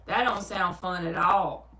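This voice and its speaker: Fairly low in pitch and taking her time, a Southern US woman hosts a tarot livestream where she reads out viewer comments and answers them casually, laughing readily and telling lively stories. She's far from the microphone, so the recording sounds roomy.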